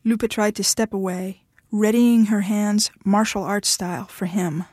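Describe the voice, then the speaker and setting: A woman reads a novel aloud in an even, steady storytelling voice. Her pitch is middling. The recording is dry and close, with no room sound. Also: normal speed, hardly any pauses, dry recording. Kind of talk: audiobook narration.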